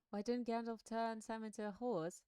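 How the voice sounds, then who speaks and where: Sex: woman. Native: not English. Role: streamer reading a book aloud and chatting. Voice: mellow, smooth, dry. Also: a little high, no room sound. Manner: chatty, laughing, self-deprecating. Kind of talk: book reading and casual chat on a live stream.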